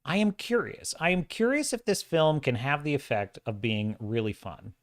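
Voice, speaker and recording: A man hosting a livestream, giving opinionated, animated commentary and acting out quoted dialogue. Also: mid-range voice, normal speed, no echo, clean studio sound. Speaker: livestream host.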